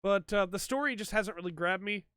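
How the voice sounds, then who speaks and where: High-voiced man chatting on a podcast. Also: fairly quick, fairly bright tone, smooth, dry recording. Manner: chatty and rambling, many ums and likes. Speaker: podcast host. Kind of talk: casual solo chat. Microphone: desk mic for a stream.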